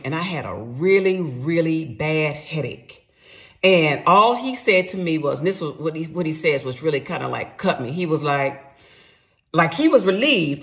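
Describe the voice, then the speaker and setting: Middle-aged woman, creaky texture, animated casual storytelling straight to camera. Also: sits low. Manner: animated, emphatic, talks to viewers directly.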